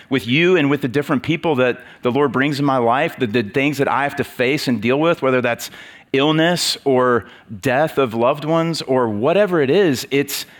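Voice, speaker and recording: Preacher, male, casual sermon delivery, chatty, lots of fillers and restarts. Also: medium pitch. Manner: conversational, with many fillers and restarts.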